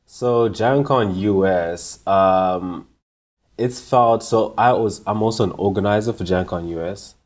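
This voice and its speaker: A young man from Zimbabwe with a very low, deep voice answers questions as a guest. He speaks in an easygoing, reflective way, with frequent fillers like "like.". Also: a little slow, a little mellow. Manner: thoughtful, easygoing, lots of "like". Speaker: guest, conference organizer. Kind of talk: casual interview answers.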